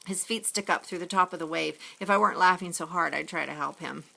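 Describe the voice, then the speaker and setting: Gravelly-voiced woman teacher reading aloud. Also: fairly low pitch, quick pace. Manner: expressive, storytelling. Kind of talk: reading a story aloud to a class.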